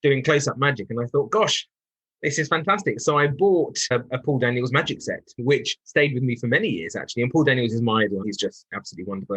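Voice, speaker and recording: Fast-talking husky English man. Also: medium pitch, no echo, rough recording. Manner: warm, enthusiastic and effusive. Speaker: solicitor and law firm owner, podcast guest. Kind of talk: conversational interview answer.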